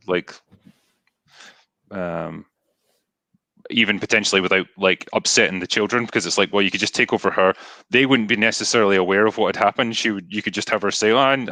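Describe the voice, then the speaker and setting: A man's voice: on the low side, bright, forceful tone, no echo. A Scottish man hosting a casual podcast chat, talking in a dry, hesitant way and reading out viewer comments. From Scotland. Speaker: podcast host.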